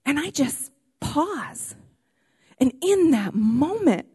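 A woman pastor preaching a sermon in a church, animated and excitable, often raising her voice. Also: high-pitched, slow pace, long pauses, no room sound, clean studio sound. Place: church auditorium.

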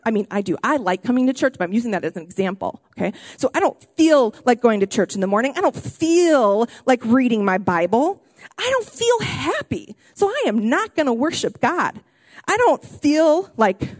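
A woman pastor preaching a sermon in a church, animated and excitable, often raising her voice. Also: high-pitched, normal speed, no room sound, clean studio sound. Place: church auditorium.

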